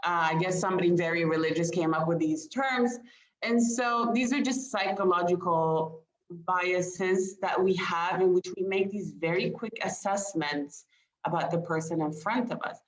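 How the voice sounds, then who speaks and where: A woman's voice: lowish voice, moderate pace, slight background noise. A woman communication expert giving a webinar presentation, engaging her audience with questions and light laughter. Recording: roomy, dull lo-fi sound.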